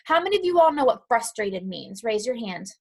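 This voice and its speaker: A woman's voice: fairly high pitch, big pitch swings, fairly quick, a little mellow, breathy edge. A woman teaching an online lesson to young children from home, encouraging and patient. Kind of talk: online class lesson and read-aloud. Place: at home, dog nearby.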